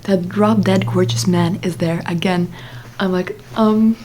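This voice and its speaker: A woman's voice: lowish voice, fairly even intonation, unhurried, a little mellow, a little hiss or hum. A young adult woman vlogger telling a casual story in a chatty way, full of fillers and asides.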